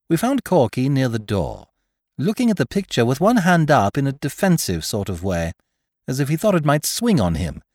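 A man reading a comic story aloud in first person, with an expressive, theatrical delivery. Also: medium pitch, normal speed, no echo, studio quality. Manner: lively and theatrical, bright comic timing. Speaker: audiobook reader.

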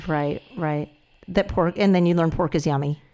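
A woman's voice: fairly low pitch, normal speed, warm tone. Chatty woman podcast host. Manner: chatty, laughs easily, jumps in with comments. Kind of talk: casual interview chat.

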